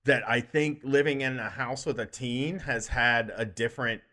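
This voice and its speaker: A man's voice: medium pitch, moderate pace, bright, forceful tone. A man co-hosting a comedy podcast, telling rambling stories with frequent swearing and laughter. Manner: rambling storyteller, swears often, laughs a lot. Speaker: podcast co-host. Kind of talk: casual comedic chat.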